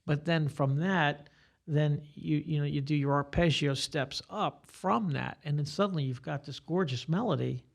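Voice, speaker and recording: Older man, guitar teacher, fairly high voice, gravelly, rambling explanations. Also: moderate pace. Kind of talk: casual podcast interview.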